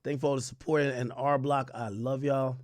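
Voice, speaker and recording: In a mid-range voice at a brisk clip, a young adult man streams casually, voicing chat messages and ranting with plenty of slang and energy. There's no room sound at all, just a clean studio recording.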